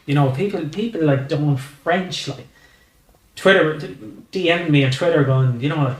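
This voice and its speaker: A man's voice: on the high side, moderate pace, echoey room. An Irish man, a comedian guest on a podcast, telling rambling stories in casual chat and swearing freely. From Ireland.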